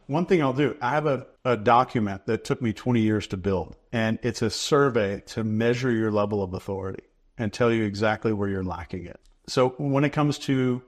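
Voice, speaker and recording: A man, a guest in an interview, explaining ideas in a measured, instructive way and repeating key phrases for emphasis. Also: lowish voice. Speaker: behavior expert guest.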